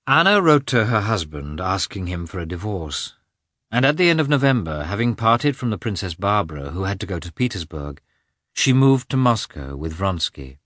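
A man reads a classic novel aloud in a low voice that rises and falls with lively expression. His delivery is measured and steady, and the recording is dry and close with no echo. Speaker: audiobook narrator. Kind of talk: scripted narration.

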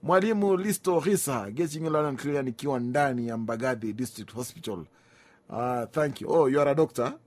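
A Kenyan man hosts a music request show on the radio. He chats in a loose, easygoing way, drops in Swahili phrases and reads out listeners' names and requests. His voice sits at an ordinary middle pitch. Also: brisk.

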